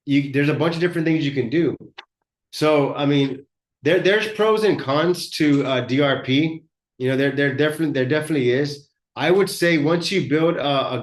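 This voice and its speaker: A man's voice: a little high, reverberant. A man hosting a live business workshop, talking bluntly and conversationally as he coaches other shop owners, often repeating words as he goes. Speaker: host and auto body shop owner.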